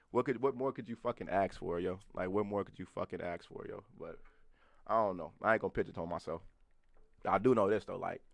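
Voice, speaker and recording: Talking quickly in a low register, this twenty-something podcast co-host keeps things loose and profane, laughing a lot and calling out to viewers in the live chat. The sound is dry and close, with no room sound at all.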